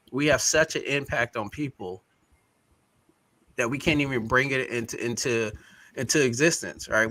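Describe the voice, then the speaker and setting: A man co-hosts a live web talk show, talking in a loose, rambling, heartfelt way. His voice is bright and forceful, and the sound is dry and close. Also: mid-range voice, dry recording. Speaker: co-host. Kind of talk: casual chat.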